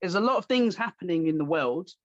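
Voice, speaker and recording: A man hosting a podcast, telling stories in a casual, animated way and acting out the voices of the people he quotes. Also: sits high, fast talker, no echo. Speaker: podcast host. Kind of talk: casual storytelling chat. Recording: dull lo-fi dry sound.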